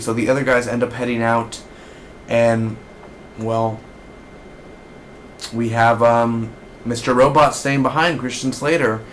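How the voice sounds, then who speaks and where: A man hosts a casual TV review in a loose, rambling way, and his excitement spills into each point. His voice sits at an ordinary middle pitch. A faint hiss runs under the recording. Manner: rambling, excitable, acts out characters in bursts. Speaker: TV show reviewer.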